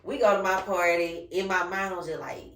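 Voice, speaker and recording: Low-voiced woman telling a story in a roomy space. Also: normal speed, a little hiss or hum. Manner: animated, acts out quoted voices. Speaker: podcast host. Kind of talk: casual storytelling chat. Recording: roomy echo, mic at a distance.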